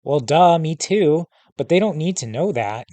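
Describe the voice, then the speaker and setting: A man's voice: on the high side, lively intonation, moderate pace, warm tone, dry recording, voice pushed up, close to an everyday voice. A man voicing a flippant, joking teenage boy twin. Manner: quippy, flippant.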